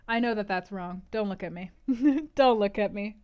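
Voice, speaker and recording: A woman's voice: mid-range voice, moderate pace, darkish tone, clean tone, lo-fi sound. A woman streaming, chatting with her viewers and reading a novel aloud in a bubbly, giggly way. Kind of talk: casual stream chat and read-aloud narration.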